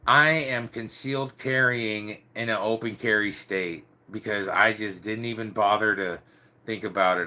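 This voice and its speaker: A middle-aged man with a bright, forward voice tells a long story in a loose, rambling way. He drops "dude" and "like" throughout and keeps a casual, chatty tone. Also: fairly low pitch, steady tone, moderate pace. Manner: rambling, swears mildly, says "dude" and "like" often. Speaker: storyteller recounting biker club days.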